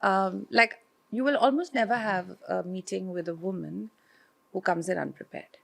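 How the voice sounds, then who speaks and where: A woman hosting an interview, speaking in a measured, thoughtful way with frequent fillers. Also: mid-range voice, creaky. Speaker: interviewer host. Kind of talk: conversational interview.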